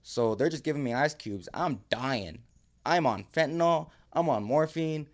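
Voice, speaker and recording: A man's voice: a little high, animated, measured pace. A man casually telling a story on a podcast, laid-back, using slang and laughing often. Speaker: podcast guest.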